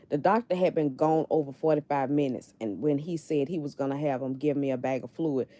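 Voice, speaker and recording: Brief: middle-aged woman, low mellow voice, candid live-stream host talking straight to viewers from bed, dry close sound. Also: dry recording. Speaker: livestream host. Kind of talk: casual live-stream chat. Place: in bed at home.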